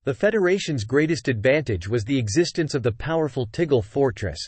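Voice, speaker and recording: A man's voice: medium pitch, animated, brisk, a little mellow, husky, dry recording. A computer-generated man's voice narrating a fantasy novel, reading punctuation marks aloud. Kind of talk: text-to-speech novel narration.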